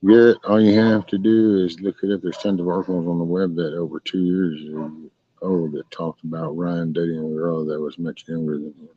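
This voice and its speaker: Low-pitched and fairly flat in intonation, this Texan live stream host speaks at a normal speed while casually answering chat. His style is folksy and wandering, captured in dry, dull lo-fi audio.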